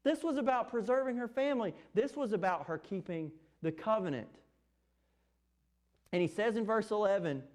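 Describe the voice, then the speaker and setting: A man preaching a sermon, lively and animated, acting out the words of the text. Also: moderate pace. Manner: animated, acts out scripture quotes with rising pitch.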